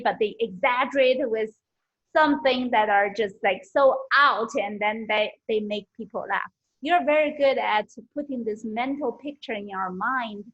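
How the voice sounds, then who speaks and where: Woman, friendly speech evaluator, fillers, husky, muffled call audio. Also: on the high side. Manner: friendly, halting, many fillers. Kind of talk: online club meeting evaluation. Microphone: video call. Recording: dull lo-fi video call audio.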